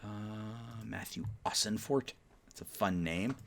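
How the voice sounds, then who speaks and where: Man, low-pitched, drowsy let's-play commentator mulling roster moves out loud. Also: slow, creaky. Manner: thinking aloud, sleepy, yawning often; mutters trade talk to the game's teams. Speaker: gaming YouTuber playing a baseball management sim.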